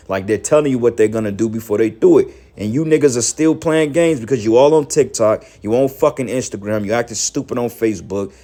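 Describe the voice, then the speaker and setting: A man giving heated, profane preaching commentary, scolding his listeners and rising to shouts. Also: medium pitch. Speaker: religious commentator.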